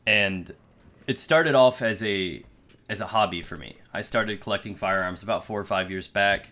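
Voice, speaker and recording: A man's voice: fairly low pitch, normal speed, pushed and bright. A young American man telling a personal story to his channel viewers in an earnest, conversational way, with frequent fillers and restarts. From United States. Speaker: YouTube creator.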